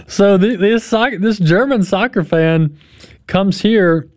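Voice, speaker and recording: A man's voice: high-pitched, a little mellow, no echo, studio quality. A man hosting a radio talk show, giving conversational, emphatic commentary.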